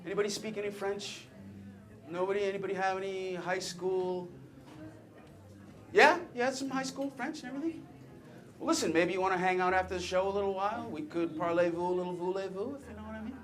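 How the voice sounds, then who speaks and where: A man's voice: sits high, fairly quick, lightly acted. A man performing a stage comedy monologue as a brash, chatty talking penis, teasing the audience with cocky patter. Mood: wisecracking.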